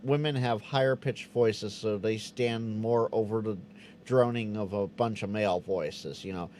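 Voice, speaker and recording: A man hosting a casual live Q&A stream, reading out chat questions and answering them with quick restarts. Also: fairly low pitch, a little hiss or hum. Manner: animated, stammering restarts, acts out quoted voices.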